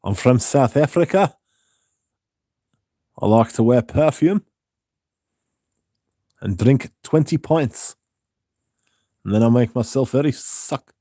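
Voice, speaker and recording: A man's voice: medium pitch, lively intonation, takes it slowly, long pauses, mellow, no echo, studio quality. A man putting on a clumsy, hammy South African accent.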